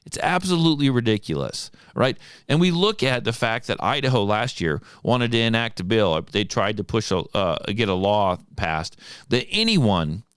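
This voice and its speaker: A man's voice: lowish voice, very animated, moderate pace, fairly bright tone, clean tone, no room sound, studio quality. A man hosting a firearms show, ranting indignantly about a local security contract and firing off rhetorical questions. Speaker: firearms instructor and show host. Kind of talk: fired-up solo commentary.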